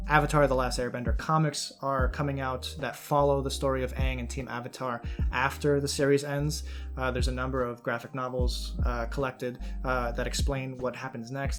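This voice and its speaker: A man's voice: medium pitch, little pitch movement, moderate pace, soft background music. A man hosting a commentary video, talking casually with fillers and restarts as he reads out and reacts to a letter. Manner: conversational with frequent fillers and restarts.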